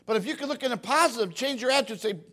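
A middle-aged preacher with a high voice for a man. He preaches in a folksy, animated way, acting out the voices of the people he talks about. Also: very fast. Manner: folksy, animated, acts out quotes. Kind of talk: sermon.

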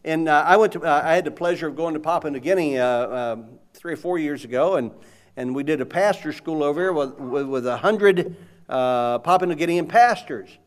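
A man preaching a sermon in an animated, conversational way, asking the audience questions. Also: on the high side, normal speed.

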